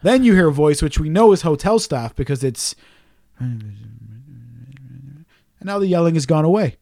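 A man's voice: on the high side, animated, moderate pace, mellow, no room sound, clean studio sound. A man telling a long story on a casual podcast chat, swearing often and ranting in exasperation.

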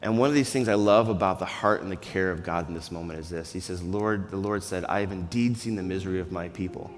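A man preaching a conversational, earnest sermon that swings between hushed, quiet passages and loud, raised ones. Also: low-pitched, fast. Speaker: pastor. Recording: long reverb of a large hall.

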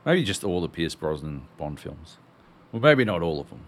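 A man's voice: low voice, very animated, normal speed. A man co-hosting a podcast in casual chat, swearing freely in incredulous rants. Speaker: podcast co-host.

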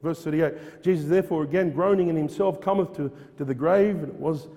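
Earnest preacher with a high, mellow voice. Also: male voice, fairly quick, big-room sound. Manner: earnest, repeats phrases for emphasis, with frequent restarts; quotes King James scripture aloud. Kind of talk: sermon.

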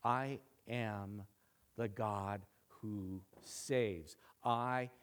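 A male preacher voicing Jesus speaking from heaven, low, hushed and slow. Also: fairly even intonation. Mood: solemn.

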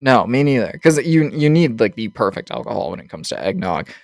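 A man's voice: medium pitch, big pitch swings, fairly quick, vocal fry, no echo. A man hosting a podcast in loose, profane casual chat, often laughing. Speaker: podcast host.

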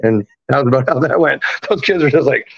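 A man in his fifties, raised in Canada, telling a story in a casual, profane, animated way and acting out the quotes. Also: medium pitch, fast, creaky, breathy edge, dull audio. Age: 50s. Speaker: podcast guest.

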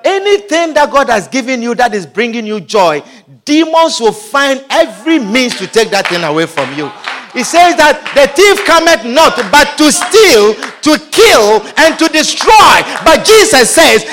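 A man preaching a sermon in an emphatic, repetitive manner, often shouting and laughing. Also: very high-pitched, big pitch swings, measured pace, a little hiss or hum.

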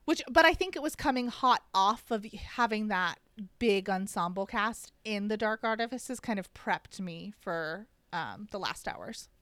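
A woman's voice: mid-range voice, animated, measured pace, fairly bright tone, dry recording. A woman co-hosting a podcast, chatting casually and rambling through her stories. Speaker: podcast co-host. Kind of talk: casual chat.

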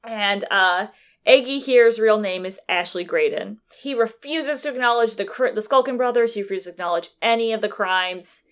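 A woman's voice: medium pitch, moderate pace, clear, resonant tone. A woman co-hosting, retelling events in casual, rambling chat. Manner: rambling storyteller who acts out quotes. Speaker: podcast co-host recapping a game.

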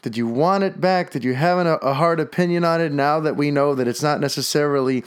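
A man's voice: a little high, fairly quick, clean tone. A man hosting a podcast, talking casually, with a lot of swearing and rambling. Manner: profane, rambling, enthusiastic. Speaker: podcast host.

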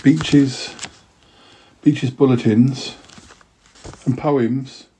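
A man's voice: mid-range voice, fairly even intonation, extremely slow, warm tone, a little hiss or hum. A middle-aged man hosting a podcast alone, rambling through old keepsakes with self-deprecating asides. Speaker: podcast host. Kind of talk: casual solo chat, reading old writing aloud.

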